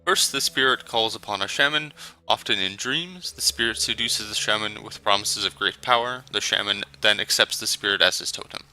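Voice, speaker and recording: A man's voice: fairly low pitch, normal speed, sharp tone, poor audio. A man voicing a flamboyant, sly male elf sage in a video game, theatrical and lecturing.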